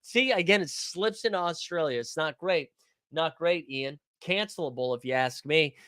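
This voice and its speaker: A man's voice: on the high side, normal speed, pushed and bright, clear, resonant tone, dry recording, studio quality. A man hosting a fantasy sports live stream in a joking, rambling, profane casual manner.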